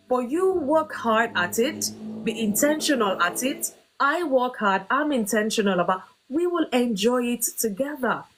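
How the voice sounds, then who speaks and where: A woman's voice: on the high side, poor audio. A woman hosting a faith-based talk on marriage, speaking earnestly with emphatic, preaching emphasis. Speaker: host.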